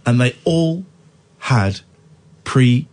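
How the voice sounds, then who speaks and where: A man's voice: medium pitch, lively intonation, slow, darkish tone. A man hosting late-night talk radio, tired with a cold, talking in a playful, mock-indignant way. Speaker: radio host.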